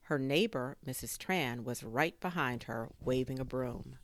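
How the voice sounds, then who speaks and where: A woman reading a children's chapter book aloud, expressive and full of sound effects. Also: extremely low pitch, unhurried, slight background noise. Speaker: story reader.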